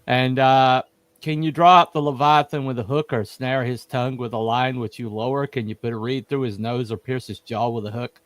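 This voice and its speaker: A man hosting a casual livestream chat, quoting scripture haltingly with many fillers. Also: mid-range voice, fairly even intonation, a bit bright, no echo. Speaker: host.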